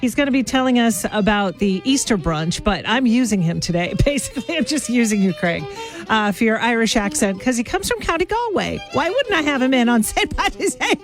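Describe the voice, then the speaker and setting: A woman's voice: on the high side, lively intonation, fairly quick. Bubbly woman radio host, faint music. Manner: bubbly, playful, laughs easily. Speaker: radio morning show host. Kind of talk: casual radio chat.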